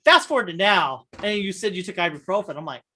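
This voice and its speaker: A young man, a podcast co-host, teasing and swearing in lively casual chat. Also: high voice, fast talker, slight background noise. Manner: animated, teasing, profane.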